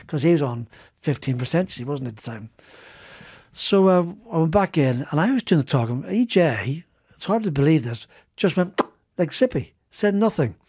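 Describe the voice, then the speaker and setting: A man's voice: a little high, expressive, normal speed, darkish tone, slightly rough, no echo, clean studio sound. A middle-aged man, a former racing driver, telling stories in a casual interview, rambling with many restarts and repeated words. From Northern Ireland. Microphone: studio podcast mic.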